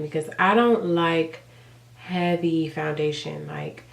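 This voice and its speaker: A young woman with a head cold, her voice congested and raspy, talks casually to her viewers with plenty of fillers. Her pitch sits low and barely moves. She sounds a little set back from the mic, with a roomy echo around her. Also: level tone, slow, distant mic. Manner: chatty, rambling, filler-heavy. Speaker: beauty vlogger. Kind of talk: casual chat.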